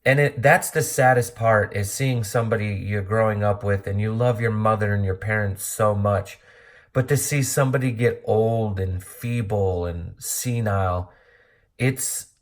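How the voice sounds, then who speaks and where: Blunt, low-voiced middle-aged man. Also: measured pace. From Montana, USA. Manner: earnest, rambling, blunt with profanity. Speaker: vlogger. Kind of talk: candid personal monologue.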